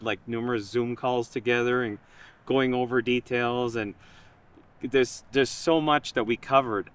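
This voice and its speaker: A man in casual conversation, telling a story in an animated way and quoting himself and others. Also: mid-range voice. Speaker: project creator.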